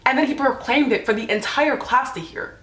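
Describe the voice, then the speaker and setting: A teenage vlogger with a high, fairly quick, somewhat bright voice recounts embarrassing stories to camera, the sound roomy. She talks in a chatty, casual way, sprinkling in "like" and acting out quotes.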